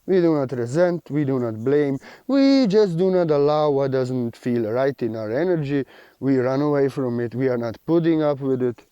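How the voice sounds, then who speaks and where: A man's voice: medium pitch, lively intonation, moderate pace, mellow, clean tone, no echo, dull audio. A man giving a spiritual teaching monologue, earnest and repetitive, with slightly unidiomatic phrasing.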